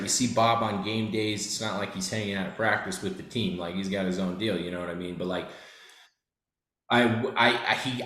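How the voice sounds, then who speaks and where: Rambling man in his thirties, low voice. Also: reverberant. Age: 30s. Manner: rambling, joking, lots of fillers. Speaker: podcast co-host. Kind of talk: casual chat.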